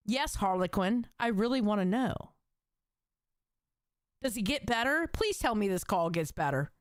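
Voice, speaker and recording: A woman's voice: mid-range voice, animated, normal speed, long pauses, no room sound, clean studio sound. A woman streamer reacting to a call on a live stream, reading out chat and swearing dramatically and mockingly. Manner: reads out chat comments.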